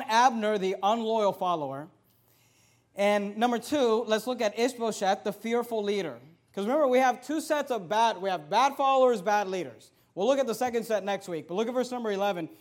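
High-voiced man preaching a sermon. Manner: conversational storytelling that builds to forceful preaching. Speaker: pastor.

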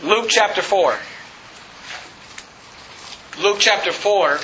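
A male pastor preaching an emphatic sermon to a congregation, repeating his points and rising to shouts. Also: high-pitched, slow pace, a little hiss or hum. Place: church hall. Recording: roomy, slightly dull, congregation audible. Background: congregation responding.

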